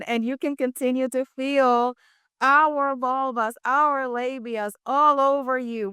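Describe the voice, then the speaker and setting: A woman's voice: high voice, pushed and bright, clean tone, dry recording, studio quality. A woman co-hosting a talk show, giving frank, direct advice with enthusiasm. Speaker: co-host, sex expert.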